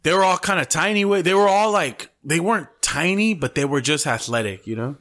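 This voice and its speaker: A man's voice: fairly high pitch, expressive, a little fast, fairly bright tone. A young man co-hosting a podcast, telling long profane stories in a slangy, casual way and dropping Spanish slang into his English. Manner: profane, slangy storytelling full of "bro". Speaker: podcast co-host. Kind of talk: casual chat.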